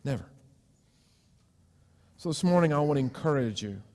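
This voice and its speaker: Male pastor, storytelling sermon, slightly high voice, long church echo. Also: expressive, fast. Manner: storytelling with sudden loud screams and hushed asides. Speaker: preacher. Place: church sanctuary.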